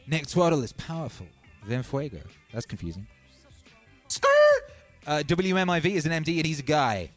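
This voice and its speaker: A man hosting a music livestream, reading out viewers' comments with playful deadpan asides. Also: fairly high pitch, a little fast. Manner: playful, deadpan asides, frequent ums and uhs.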